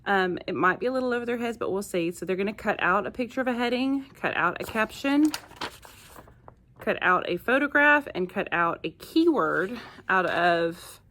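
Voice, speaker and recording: A woman's voice: mid-range voice, expressive, moderate pace, bright, forceful tone, a little hiss or hum. A woman teacher chatting casually in her classroom, rambling with frequent fillers. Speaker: first grade teacher.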